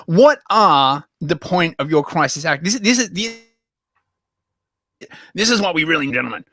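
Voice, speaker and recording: A man's voice: on the high side, expressive, moderate pace, pushed and bright, no room sound, studio quality. A man co-hosting a comedy news podcast, joking in a sarcastic, mock-conspiratorial way. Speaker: podcast co-host. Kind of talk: comedic banter. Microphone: close mic, live stream.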